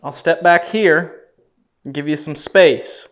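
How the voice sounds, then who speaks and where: A man's voice: fairly high pitch, slow, a bit bright. A man investigating a haunted house, questioning spirits aloud in a musing way and laughing easily, recorded in a room of an old house. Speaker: paranormal investigator. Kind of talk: ghost-hunting session talk.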